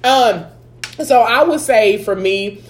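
A woman co-hosting a podcast, talking in animated, slangy, profane casual chat. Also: on the high side, slow pace. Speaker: podcast co-host.

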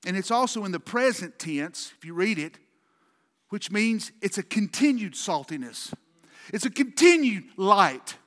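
A man's voice: high-pitched, very animated, unhurried, fairly bright tone, long reverb tail. A man pastor preaching a sermon with an emphatic, repetitive cadence, speaking in a church sanctuary.

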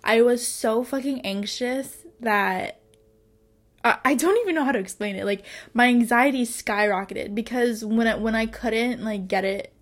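A chatty young woman in her twenties with a slightly high voice, telling a storytime to her camera. She talks loosely, swears a lot and fills her sentences with "like". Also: moderate pace. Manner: chatty, heavy swearing, many "like" fillers, frequent laughter. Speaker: vlogger. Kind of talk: casual storytime monologue.

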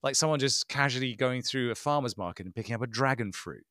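Smooth-voiced sardonic man. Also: mid-range voice, fast talker, no room sound, studio quality. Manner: animated, mocking impressions, sarcastic. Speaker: podcast co-host. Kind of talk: casual tech podcast chat.

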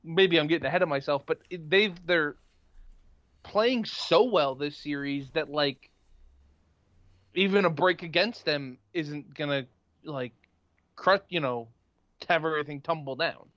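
A man's voice: on the high side, measured pace, long pauses, a bit bright, dry recording. A man in casual sports chat, rambling with lots of restarts and fillers. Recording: dull lo-fi dry sound.

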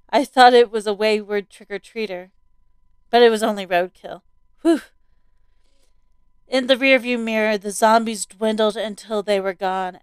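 A woman reading a first-person horror story aloud as a scripted narration, with steady, vivid storytelling. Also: mid-range voice, smooth, dry recording.

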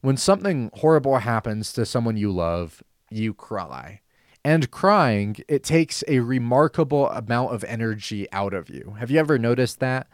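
Male talk-show host, earnest and deliberate, repeats for emphasis; dry booth sound. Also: mid-range voice, animated, no echo. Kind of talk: Christian talk show monologue.

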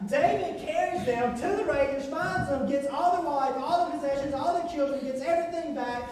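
A man preaching a sermon, telling a story in an animated, fast, breathless way. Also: very high voice, background noise. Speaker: pastor. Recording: echoey hall, far from mic.

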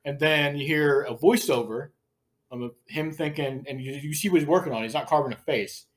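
A man's voice: fairly high pitch, moderate pace. A man hosting a podcast, casually retelling a scene in a crude, laughing way. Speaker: podcast host.

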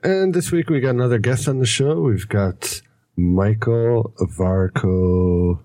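A man's voice: lowish voice, a little slow, dark tone. A man hosting a casual podcast, introducing the show and his co-hosts. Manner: laid-back, introduces the show. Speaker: podcast host.

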